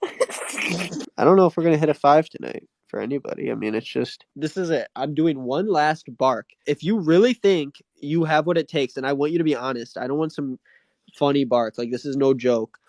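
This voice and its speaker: A man's voice: on the high side, moderate pace, a little mellow, no room sound. A man hosting and judging in casual chat, teasing and comically stern. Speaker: host and judge.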